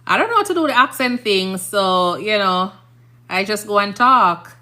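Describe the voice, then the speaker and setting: A woman's voice: mid-range voice, lively intonation, moderate pace, sharp tone. A woman in her thirties with a Jamaican accent, a nurse chatting casually on a live stream, rambling and often asking "you understand?".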